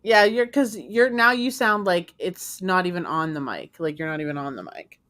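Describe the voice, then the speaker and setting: A woman's voice: on the low side, animated, moderate pace, a bit bright, no echo. A woman co-hosting a casual live stream, blunt and exasperated about the sound, laughing it off, with a Western Pennsylvania accent. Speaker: co-host of a live reselling stream.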